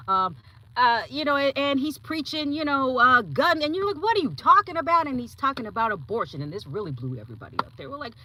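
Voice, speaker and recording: A young woman hosting a podcast, talking casually and giving her opinions, often acting out other people's lines in quick put-on voices. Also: high voice, poor audio. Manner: animated, acts out voices in quotes. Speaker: podcast host.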